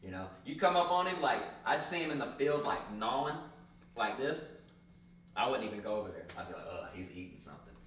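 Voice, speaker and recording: A man's voice: mid-range voice, fairly quick. A man hosting a podcast, telling a profane story in casual chat and acting out the people in it. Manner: animated, profane storyteller who acts out voices. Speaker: podcast host. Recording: echoey room, distant mic, faint hiss.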